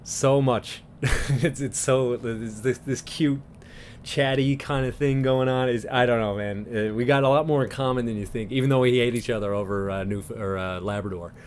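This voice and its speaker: A man's voice: medium pitch, fairly even intonation, moderate pace, a little mellow. Man, light Newfoundland townie accent, casual livestream chat, laughs a lot, stammers, faint background hum. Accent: light St. John's Newfoundland. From Newfoundland, Canada. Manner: laughing often, stammering restarts. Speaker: livestream host. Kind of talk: casual chat reacting to viewers.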